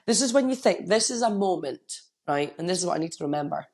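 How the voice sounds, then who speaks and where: A middle-aged woman talks straight into a podcast microphone, candid and motivational, her voice slipping into low gravelly fry. She has a cold that roughens her delivery, and her pitch sits on the low side. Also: expressive, quick pace, a little mellow. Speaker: podcast host and coach. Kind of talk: solo podcast monologue.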